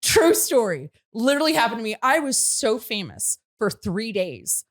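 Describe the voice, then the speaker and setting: Animated woman telling a story. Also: fairly high pitch, normal speed. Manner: lively, laughing, shouts quoted lines. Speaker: show host. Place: radio studio.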